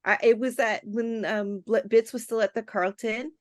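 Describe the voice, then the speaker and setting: A guest programmer on an interview podcast tells a story in a relaxed, chatty manner, putting on little voices for the people she quotes. Her voice is on the high side at normal speed, and the sound is dry and close with no echo or room around it.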